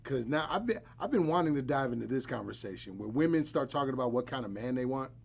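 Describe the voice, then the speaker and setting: A man's voice: mid-range voice, fast, gravelly, slightly rough. A man hosting a live podcast, chatting casually and bluntly with joking asides. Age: adult, married. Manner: blunt, joking, animated storytelling. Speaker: podcast host.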